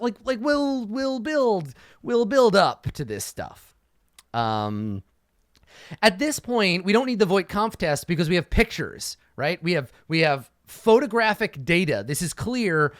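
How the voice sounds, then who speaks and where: A man's voice: fairly high pitch, very animated, normal speed, a bit bright, no echo, studio quality. A man talking casually as a game master, thinking aloud while he prepares a campaign session, swearing freely and acting out quotes. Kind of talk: casual solo campaign prep talk.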